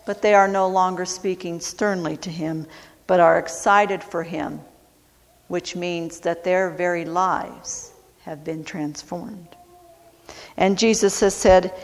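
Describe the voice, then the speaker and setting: A woman preaching a sermon, speaking deliberately and repeating phrases for emphasis. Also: lowish voice, fairly even intonation. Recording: long hall reverb.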